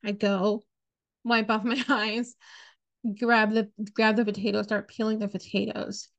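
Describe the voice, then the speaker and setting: Her voice sits at medium pitch, level and creaky, with a measured pace and the highs cut off in the recording. She's a podcast host sharing a personal story in a casual, blunt way, cursing openly and filling gaps with "like" and "you know."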